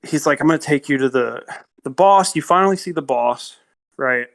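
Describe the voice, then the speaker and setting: A man's voice: a little high, normal speed, fairly bright tone. A man co-hosting a podcast, casually retelling a film plot with lots of fillers and quoted dialogue. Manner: rambling retelling with many fillers and quoted lines. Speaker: podcast co-host.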